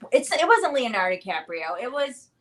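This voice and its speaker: Woman, 30s, bright-pitched casual streamer host, rambling and chatty. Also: very animated, moderate pace. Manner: chatty, rambling, many fillers. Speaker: livestream host. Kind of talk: casual live chat.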